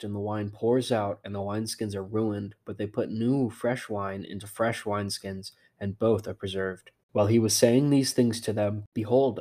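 Man reading scripture in a low, even voice. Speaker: scripture reader. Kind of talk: steady scripted Bible reading.

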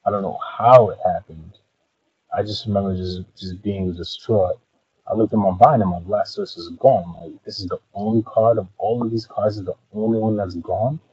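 Man, podcast co-host, low husky voice, dramatic storytelling, dry muffled sound. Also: steady tone, normal speed, darkish tone, dry recording. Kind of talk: casual chat.

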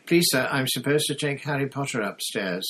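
A man voicing an eager, nervous young schoolboy in a storybook reading, raising his voice into a squeaky, breathless tone. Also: lively intonation, a little fast, fairly bright tone, husky.

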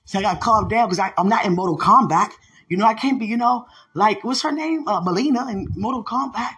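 An evangelist podcast host telling mission stories in excited preaching testimony, laughing often, repeating phrases and using street slang. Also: mid-range voice, a little fast. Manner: uses slang and street talk.

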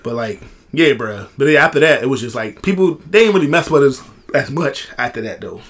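A young man from DC, co-hosting a podcast and recalling stories in a rambling, excited way. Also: medium pitch, a little fast. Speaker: podcast co-host. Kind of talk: casual chat.

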